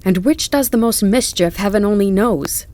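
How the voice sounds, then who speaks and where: A woman reading the part of an earnest male groom in an audiobook, speaking slowly and softly, then loudly and indignantly. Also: on the low side, lightly acted. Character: kind earnest male groom, working man. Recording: faint crackling campfire behind.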